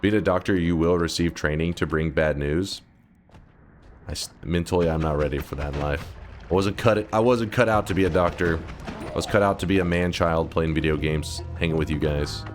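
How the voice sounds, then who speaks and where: A man's voice: deep voice, fairly quick, soft background music. A man streaming, telling a rambling, profane story in casual chat. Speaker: gaming streamer.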